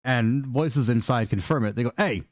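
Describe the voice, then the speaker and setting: Rambling casual dungeon master. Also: male voice, medium pitch, fairly quick, no room sound, studio quality. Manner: loose, rambling with fillers and cursing. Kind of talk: narrating a tabletop game.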